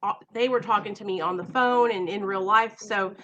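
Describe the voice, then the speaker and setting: A woman's voice: mid-range voice, normal speed, fairly bright tone, highs cut off, a little hiss or hum. Nervous, emotional woman chatting on a live stream. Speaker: vlogger. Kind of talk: casual live-stream chat. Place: home.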